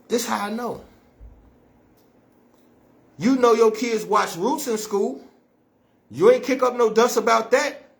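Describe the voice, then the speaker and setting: A man's voice: high-pitched, creaky, a bit bright. A man delivering a blunt, profane, scolding monologue as an activist speaker. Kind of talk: impassioned monologue to camera.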